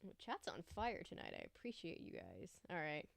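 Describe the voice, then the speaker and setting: A woman's voice: deep voice, huge pitch swings, fairly quick, creaky, no echo. A young woman hosting a casual livestream, chatting and greeting viewers by name. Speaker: livestream host.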